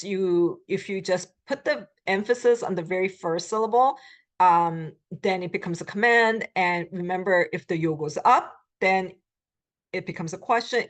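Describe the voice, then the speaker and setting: A woman teaching a beginner language lecture, explaining step by step, with frequent filler pauses while she models short phrases. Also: fairly low pitch. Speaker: Korean language instructor.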